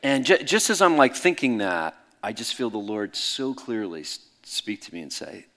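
A middle-aged man preaching in a candid, conversational way, swinging between loud bursts and soft hushed asides. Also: lowish voice, sing-song, normal speed, few pauses, a little hiss or hum. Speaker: pastor. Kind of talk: sermon storytelling.

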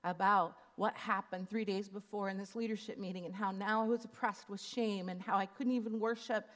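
A woman's voice: medium pitch, steady tone, fairly quick. A woman in her fifties giving a sermon, telling a personal story in an earnest, confiding way. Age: 50s. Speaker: speaker.

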